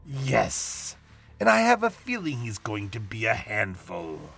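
A man voicing a calm, polite male demon mentor who speaks slowly and courteously in a storybook reading. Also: lowish voice, vocal fry, slightly rough, soft background music, full character voice.

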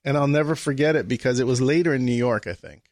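As a guest in a relaxed chat, a man tells a story with animation, performing the dialogue of the people he quotes. His mid-range voice moves quickly, with studio-quality sound and no room noise.

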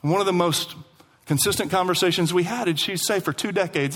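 A high-pitched male pastor delivers an animated sermon in a church sanctuary. He repeats lines for emphasis and slows down to drive his points home.

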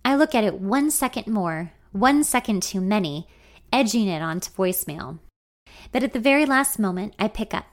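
A woman's voice: medium pitch, expressive, normal speed. A woman reading a first-person audiobook story in an intimate, wry, confiding voice. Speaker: narrator.

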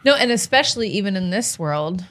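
Texan woman talking shop, chatty, mid-pitched, says like a lot. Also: animated, brisk, fairly bright tone. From Texas. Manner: chatty, lots of "like" and "you know". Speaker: restaurant server, co-host. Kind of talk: casual chat.

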